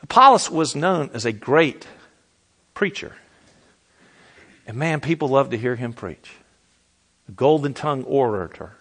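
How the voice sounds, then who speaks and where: A middle-aged man preaching a sermon as pastor, animated and repetitive, asking the audience questions. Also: mid-range voice, measured pace, long pauses.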